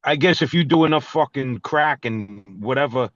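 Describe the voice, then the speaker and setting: A middle-aged man rants in a heated, profane, confrontational way. His voice sits at an ordinary pitch for a man. The recording is dry and a bit muffled. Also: moderate pace, fairly bright tone, dry recording. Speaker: guest musician. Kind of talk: angry storytelling and call-out. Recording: dull, dry studio recording.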